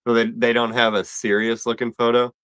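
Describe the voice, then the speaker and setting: A man's voice: mid-range voice, monotone, fairly quick, a bit bright, clear, resonant tone, no echo, low-quality recording. A man talking as a guest in a casual chat, laid-back and rambling with lots of fillers.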